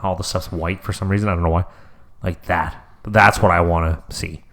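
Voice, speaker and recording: Young man, podcast co-host, low voice, rambling, playful. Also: steady tone, brisk, fairly bright tone. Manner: rambling, lots of "like" fillers, playful. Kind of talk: casual chat.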